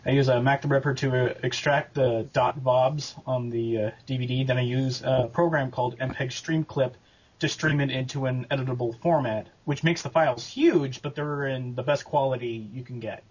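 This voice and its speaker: A man answering interview questions about making his abridged series, talking casually and haltingly with lots of fillers and restarts. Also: mid-range voice, fairly even intonation, darkish tone, husky, lo-fi sound. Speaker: abridged series creator and voice actor.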